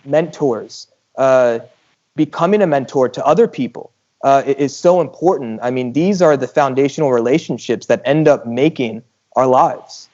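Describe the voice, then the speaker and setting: A man's voice: mid-range voice, normal speed, a little mellow. A man co-hosting a podcast in casual chat, asking playful, teasing questions. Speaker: podcast co-host. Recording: dull lo-fi audio.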